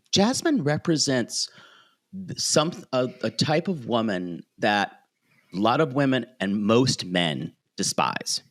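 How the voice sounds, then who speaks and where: A man hosting a podcast, chatting casually and animatedly about reality television and often mimicking the people on the show. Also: medium pitch. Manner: animated, quick to mimic cast members. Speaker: podcast host. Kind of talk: casual reality TV recap chat.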